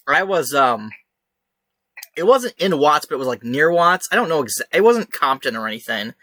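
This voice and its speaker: A young man co-hosting a podcast, telling an animated story in casual chat and acting out the shouted lines. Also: a little high, moderate pace, no echo. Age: young adult. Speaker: podcast host.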